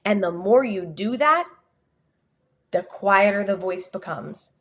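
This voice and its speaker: A woman with a New Jersey accent, a communication coach giving an energetic, expressive motivational talk on a livestream. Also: medium pitch, slow pace. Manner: energetic, expressive, talks with her hands.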